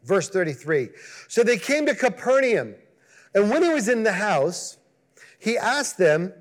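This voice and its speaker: A man's voice: high-pitched, unhurried, in a large hall. A man preaching a conversational sermon, acting out voices and asking the listeners questions. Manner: conversational, animated, acts out quoted voices. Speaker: pastor.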